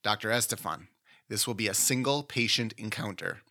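Bright-voiced playful podcast host. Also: male voice, lowish voice, normal speed. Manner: playful, teasing, laughs easily. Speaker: podcast host running a mock oral boards case. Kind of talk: casual podcast, playful case narration.

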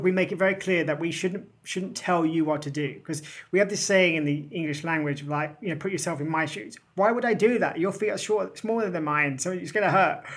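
A man, co-author of a book, talking in a casual discussion, animated and acting out the voices of critics. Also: high-pitched. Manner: animated, acts out quoted critics. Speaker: co-author guest.

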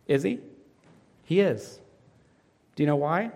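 A man delivers a sermon in a voice a little higher than most men's. He quizzes his congregation with fill-in questions and swings sharply in pitch and loudness. His voice trails off into the long reverb of a large hall. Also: expressive, takes it slowly, long pauses. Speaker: pastor.

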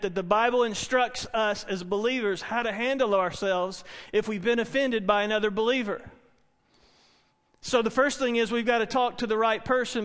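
High-voiced middle-aged male preacher. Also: fairly bright tone. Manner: earnest, repetitive, asks the congregation questions. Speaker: Baptist pastor. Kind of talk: sermon. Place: church sanctuary. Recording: long hall reverb.

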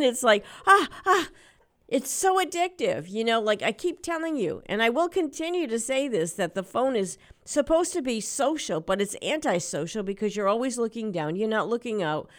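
A middle-aged woman hosting a local radio show, telling stories and ranting in a chatty, animated way. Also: on the high side, moderate pace. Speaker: radio host.

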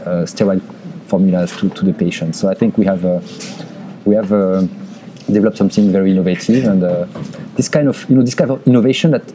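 Deep-voiced man with a French accent. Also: dark tone, slight background noise, rough recording. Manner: earnest, halting, repeats words while searching for phrasing. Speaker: interview guest, cosmetics executive and pharmacist. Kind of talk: conversational interview.

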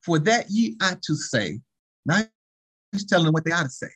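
Husky preacher man, rising and falling. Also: very animated, moderate pace, long pauses, a bit bright. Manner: call-and-response preaching with frequent "saints" and "thank you, Jesus"; chuckles between phrases, pitch swings widely. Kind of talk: sermon.

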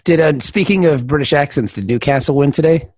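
A man's voice: fairly high pitch, a little fast, darkish tone, dry recording. A man co-hosting a casual podcast chat, rambling and laughing, often slipping into silly voices. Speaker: podcast co-host.

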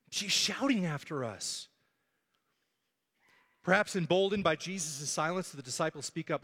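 A man delivers a sermon with lively storytelling and acts out the characters as he goes. His voice sits a little high, and it carries a long reverb from a large church hall. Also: moderate pace, long pauses. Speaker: pastor.

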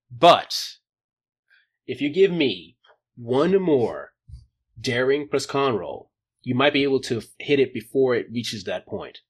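A man running a tabletop role-playing game as game master, joking about how his plans went wrong. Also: mid-range voice. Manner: jokey, laughing at his own plans going wrong.

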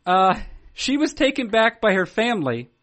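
A man co-hosting a podcast, telling a story in a halting, rambling way with frequent restarts and filler words. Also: sits high, sing-song, fairly bright tone. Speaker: podcast co-host. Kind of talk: casual podcast chat.

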